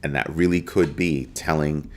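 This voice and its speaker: Deep-voiced man hosting live crypto commentary. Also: normal speed. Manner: animated, emphatic, greets chat viewers. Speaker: crypto show host.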